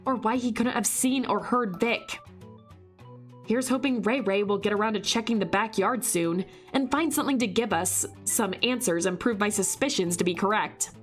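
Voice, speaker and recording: A hoarse woman reading out the narration of a brash young female investigator, sarcastic and suspicious, with a slangy, scornful edge. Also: medium pitch, normal speed, soft background music, close to an everyday voice. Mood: wry, suspicious. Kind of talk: reading visual novel narration aloud.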